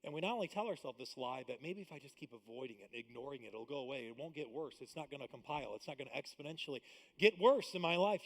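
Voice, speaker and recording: A man preaching a live church sermon, swinging between loud emphatic bursts and hushed asides. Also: fairly high pitch, lively intonation, very fast. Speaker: pastor. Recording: long hall reverb.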